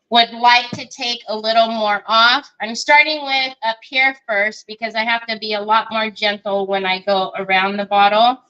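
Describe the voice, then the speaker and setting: A woman leads a live craft demonstration at an unhurried pace. Her voice sits a little high and bright, and she chats and thinks out loud while greeting her viewers. The audio is somewhat dull and lo-fi. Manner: chatty, thinks aloud, greets viewers by name. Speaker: craft livestream host.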